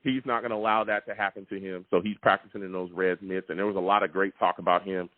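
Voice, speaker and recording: A man hosting a live call-in sports podcast, talking emphatically and repeating himself with excitement. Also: deep voice, fast talker, dry recording. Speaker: sports talk show host. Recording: tinny phone-like, dry sound.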